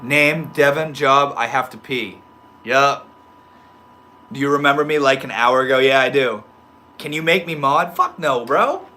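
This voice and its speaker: In casual livestream chat, a Maine man reads viewer comments out loud and peppers his slang with "bro" and "dude." He speaks at a measured pace in a medium-pitched voice that sounds pushed and bright.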